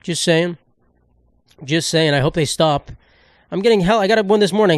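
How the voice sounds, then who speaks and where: A man's voice: high voice, normal speed, dry recording, studio quality. A man hosting a solo podcast, ranting in a rambling, sarcastic, profane way and cutting himself off mid-thought. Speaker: podcast host.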